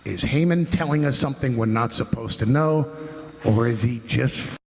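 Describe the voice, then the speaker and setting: A man delivering a dramatic wrestling promo, posing slow, brooding rhetorical questions and sometimes dropping to a whisper. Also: mid-range voice, gravelly. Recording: long hall reverb.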